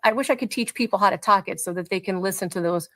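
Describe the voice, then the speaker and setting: A woman, a mother being interviewed on a live stream, speaks haltingly with frequent restarts and trailing phrases. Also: medium pitch, a bit bright, no room sound. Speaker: guest, mother in a crash case.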